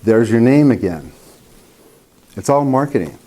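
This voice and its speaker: A man's voice: medium pitch, lively intonation, unhurried, mellow. A man teaching a group of painters in a casual workshop, a chatty storyteller who acts out the voices of people he quotes. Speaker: painting instructor.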